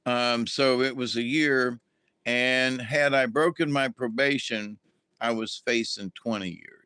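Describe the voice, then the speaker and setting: A man's voice: mid-range voice, fairly even intonation, a little slow, pushed and bright, clear, resonant tone, no echo. A middle-aged man, telling a rambling, folksy story as a livestream host and greeting viewers along the way. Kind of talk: casual storytelling to a live chat.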